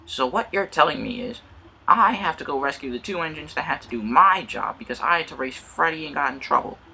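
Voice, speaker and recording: A man's voice: a little high, lively intonation, a little fast, vocal fry, pushed and bright, husky, voice pushed up, full character voice, low-quality recording. A man voicing a sulky, complaining male steam engine in a fan-made story. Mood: grumbling.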